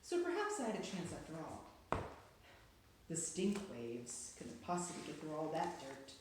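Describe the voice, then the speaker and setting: A reader telling a storybook aloud, dropping to a hush and rising with suspense. The pitch sits in the middle range. The voice rings in a very echoey room over a faint hum. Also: wildly swooping pitch, normal speed. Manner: dramatic, hushed and then rising with suspense. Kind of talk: storybook read-aloud narration.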